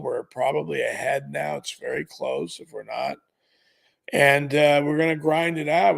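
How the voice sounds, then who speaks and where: Fifties male betting-show host with a gravelly, fry-edged voice, upbeat and direct with viewers. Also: medium pitch, fairly bright tone. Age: 50s. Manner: upbeat, repeatedly calls viewers "gurus". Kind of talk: live sports betting show. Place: studio.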